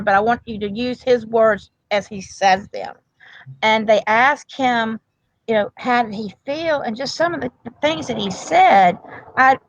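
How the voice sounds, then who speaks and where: Casting: earnest, rambling woman guest, mid pitch, dry and slightly dull sound. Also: no echo. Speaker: grandmother and medical provider, guest. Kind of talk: emotional casual interview talk.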